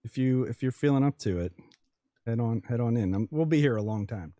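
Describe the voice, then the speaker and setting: A man's voice: mid-range voice, a little fast, warm tone, no room sound, clean studio sound. A man from Western Pennsylvania with a Western Pennsylvania accent, hosting a casual livestream chat and greeting viewers by name. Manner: chatty, laughs easily, greets chat by name. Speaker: livestream host.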